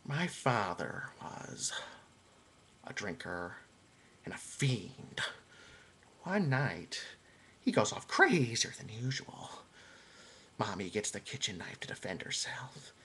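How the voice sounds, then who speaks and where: A man doing an impression of an unhinged villain, speaking in a raspy, low, whispery voice. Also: big pitch swings, slow pace, long pauses, a bit bright, slight background noise, full character voice. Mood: creepy. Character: raspy unhinged male movie villain, creepy.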